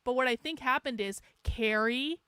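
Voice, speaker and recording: High-voiced woman ranting on a livestream. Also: moderate pace, bright, forceful tone, clear, resonant tone, dry recording, studio quality. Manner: sarcastic, profane, rambling with laughs. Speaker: livestream host. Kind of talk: casual livestream rant.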